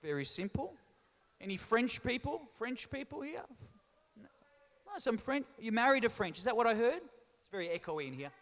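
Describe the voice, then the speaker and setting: Aussie comedian guy working the crowd, pretty high voice, big echoey hall sound. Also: normal speed. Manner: animated, teasing audience banter. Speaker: stand-up comedian and MC. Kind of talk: live stand-up crowd work. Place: large town hall stage with live audience.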